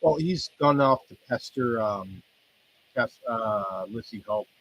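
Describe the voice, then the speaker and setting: A man's voice: fairly low pitch, expressive, takes it slowly, fairly bright tone, highs cut off, a little hiss or hum. A man hosting a podcast, chatting loosely and rambling, joking and swearing as he reacts to wrestling results. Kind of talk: rambling casual commentary.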